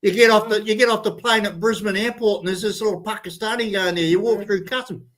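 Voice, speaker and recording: Blunt, profane older Kiwi man, high voice. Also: fairly even intonation, fast, a bit bright, poor audio. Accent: New Zealand. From New Zealand. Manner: blunt, swearing, heated rant. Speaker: show co-host. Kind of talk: casual chat.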